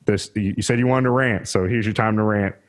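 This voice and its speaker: A Southern man hosting a casual political podcast, his voice sitting a little low. He rambles and swears freely, circling back on his words as he gets worked up. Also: brisk. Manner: rambling, profane, animated. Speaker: podcast host.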